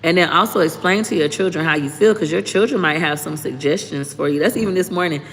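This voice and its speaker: A woman, hosting a casual livestream. She talks in a frank, profane, animated way, like telling stories to friends. Her voice carries a long reverb with faint noise behind it. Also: on the low side, fast. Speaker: livestream host giving life advice.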